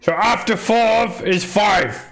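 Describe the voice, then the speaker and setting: A man's voice: slow pace, gravelly, fairly bright tone, faint music behind, exaggerated voice. A man voicing a dim-witted male orc guard who speaks in broken, simple sentences. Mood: slow-witted. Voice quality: deep, broken simple speech.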